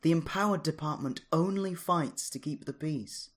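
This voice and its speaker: A storyteller voicing an authoritative woman leader who speaks firmly and calmly. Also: medium pitch, moderate pace, voice pushed up, natural voice. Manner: firm, commanding, even.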